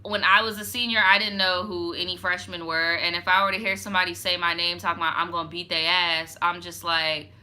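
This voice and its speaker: A woman's voice: on the low side, little pitch movement, brisk, hardly any pauses, pushed and bright. A young woman reading a viewer's story aloud, breaking off for frank, profane, sassy commentary full of "like". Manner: frank, profane, sassy asides, heavy use of "like". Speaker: storytime channel host.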